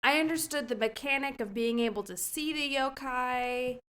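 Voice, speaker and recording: A woman's voice: high-pitched, normal speed, a bit bright. A woman co-hosting a casual podcast, blunt and dismissive in her opinions. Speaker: podcast co-host.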